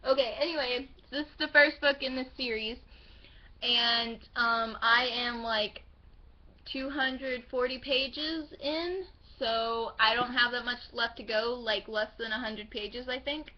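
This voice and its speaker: A young woman vlogger chatting about her book haul, gushing and excitable, swearing now and then. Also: a little high, unhurried, highs cut off. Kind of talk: casual book haul chat.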